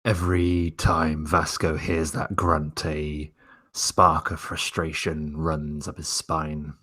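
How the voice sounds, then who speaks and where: A man playing a tabletop game, describing his character's actions in a measured, deliberate third-person narration. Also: extremely low pitch, level tone, pushed and bright. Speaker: player.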